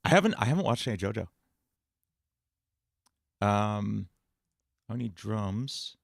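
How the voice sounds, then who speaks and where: A man's voice: lowish voice, expressive, slow, creaky, no room sound, studio quality. A man chatting casually on a livestream as a streamer and musician, in a rambling, jokey way with frequent restarts.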